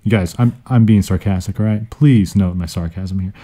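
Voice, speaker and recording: A man hosting a study podcast, teaching words in a playful, joking way with sudden jumps in pitch. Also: moderate pace, mellow. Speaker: podcast host. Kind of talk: casual educational podcast monologue. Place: indoors, seated on a squeaky chair. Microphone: studio microphone.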